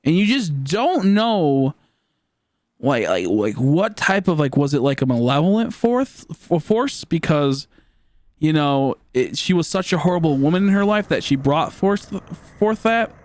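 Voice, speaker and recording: Late-20s male streamer, chatty and rambling, many fillers, slightly high pitch. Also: sing-song, unhurried, darkish tone, no room sound. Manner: rambling, full of "like" fillers and restarts. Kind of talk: casual storytelling on a live stream.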